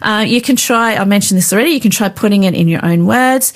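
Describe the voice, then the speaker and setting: A woman's voice: mid-range voice, quick pace. A woman co-hosting a devotional chat, earnestly explaining practical ways to read the Bible and pray. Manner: earnest, practical, gently instructive. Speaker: co-host teaching Bible reading. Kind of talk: casual devotional teaching chat.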